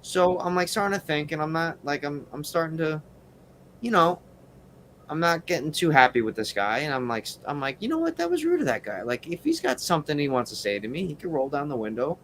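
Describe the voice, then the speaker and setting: A man's voice: on the high side, fairly quick, fairly bright tone, a little hiss or hum. A man telling a rambling story in a casual interview, full of fillers and asides. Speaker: wrestler guest.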